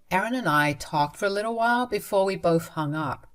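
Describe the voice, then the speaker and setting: A woman's voice: medium pitch, expressive, brisk, few pauses, clean tone. A woman narrating a first-person family drama story in a matter-of-fact way, addressing her listeners.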